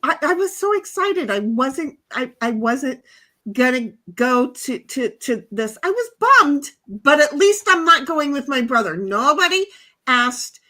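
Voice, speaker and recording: A woman in her fifties, hosting a livestream and telling stories in casual chat, animated and frank, swearing and restarting her sentences. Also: high-pitched, unhurried. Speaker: livestream host.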